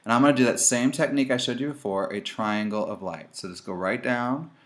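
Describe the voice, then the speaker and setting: A man hosting a casual makeup tutorial, chatty and animated, talking straight to his viewers as he demonstrates. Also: mid-range voice, brisk.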